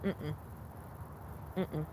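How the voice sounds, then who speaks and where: Young adult woman, casual vlog rant, blunt and profane, faint background noise. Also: extremely slow. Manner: blunt, profane, emphatic repetitions. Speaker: vlogger.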